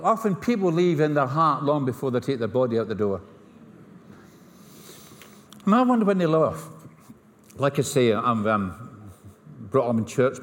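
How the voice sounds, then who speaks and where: Scottish preacher in a reverberant hall. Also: male voice, medium pitch. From Scotland. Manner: storytelling, humorous asides, acts out dialogue. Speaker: pastor. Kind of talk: sermon.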